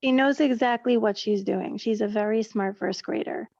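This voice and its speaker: Teacher, woman, gravelly edge, hesitant and rephrasing, on a muffled video call. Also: mid-range voice, moderate pace, darkish tone, no echo. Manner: searching, full of fillers and rephrasing. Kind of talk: question from a webinar attendee.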